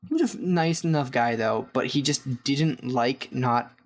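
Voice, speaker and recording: A man's voice: medium pitch, moderate pace. A young man, co-hosting a podcast and telling a rambling, laugh-filled story. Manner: rambling, laughing often, many restarts. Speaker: podcast co-host. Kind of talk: casual storytelling chat.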